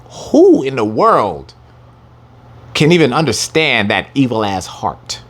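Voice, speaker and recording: A man teaching a scripture lesson, reading the verses slowly with heavy emphasis and taunting his listeners in brash, profane language. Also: medium pitch, sing-song, fairly bright tone, slight background noise.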